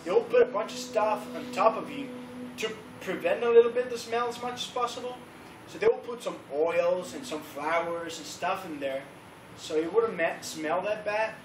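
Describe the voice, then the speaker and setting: A man with a fairly high voice tells a story to a church youth group in a loose, lively way and slips into excited voices for the crowd. He sounds far from the mic in an echoey room, with a faint hiss behind him. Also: normal speed. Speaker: youth leader. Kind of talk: casual youth-group teaching. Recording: roomy, distant recording with faint background noise.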